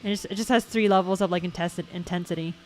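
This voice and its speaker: A woman's voice: lowish voice, steady tone, fast talker, darkish tone, soft background music. A woman VTuber chatting casually about things she bought, rambling and correcting herself as she goes, with the odd swear word. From United States. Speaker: VTuber vlogger. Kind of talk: casual show-and-tell chat.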